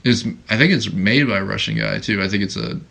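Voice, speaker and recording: A man's voice: fairly low pitch, fairly quick, vocal fry, pushed and bright. A man hosting a podcast in casual chat, teasing his co-host with joking banter.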